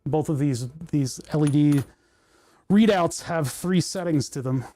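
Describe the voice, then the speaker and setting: Mellow-voiced man muttering through a livestream. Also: on the high side, unhurried, dry recording. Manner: rambling, talks to himself while fiddling with menus. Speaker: livestream host. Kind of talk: casual livestream chat while working. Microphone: desk microphone.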